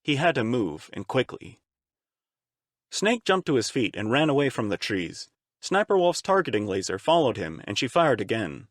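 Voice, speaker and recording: A male narrator reading an action audiobook with lively, expressive storytelling. His voice sits in a middle register and swings widely in pitch, and the recording is dry and close, with no room sound. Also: no room sound. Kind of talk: fan-read audiobook narration.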